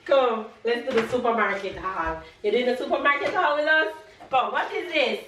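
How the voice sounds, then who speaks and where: A woman's voice: on the high side, moderate pace, fairly bright tone. A woman in her thirties with a Jamaican accent, playfully quizzing her children in a casual family vlog. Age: 30s. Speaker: mother and family vlogger. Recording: roomy, distant, noisy home recording.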